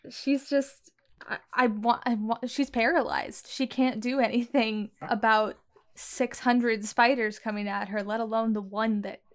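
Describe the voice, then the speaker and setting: A woman's voice: fairly high pitch, steady tone, unhurried. A woman describing her character's fears as a player in a tabletop game, in earnest storytelling.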